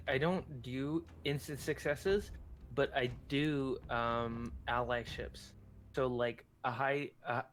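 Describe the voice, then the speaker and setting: A man's voice: medium pitch, a bit bright, slight background noise. A man who is a game master, chatting casually and rambling with lots of restarts. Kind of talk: casual chat.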